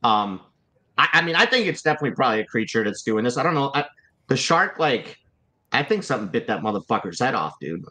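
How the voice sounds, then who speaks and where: A man's voice: medium pitch, big pitch swings, quick pace, sharp tone, poor audio. A man hosting a casual, profane talk show, rambling through his theory with lots of "like" and "you know.". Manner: rambling, swearing, many fillers like "like". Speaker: host. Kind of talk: casual chat.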